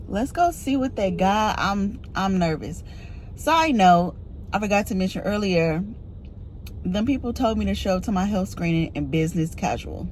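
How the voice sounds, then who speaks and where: Animated, laughing woman book vlogger. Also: on the low side, a little hiss or hum. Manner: animated, laughing, self-mocking storytelling. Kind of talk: casual storytelling to camera.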